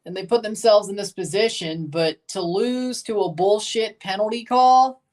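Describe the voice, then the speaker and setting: A woman's voice: mid-range voice, normal speed. Opinionated woman reacting to a live match. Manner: casual, opinionated, bursts into excited shouts. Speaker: watchalong host.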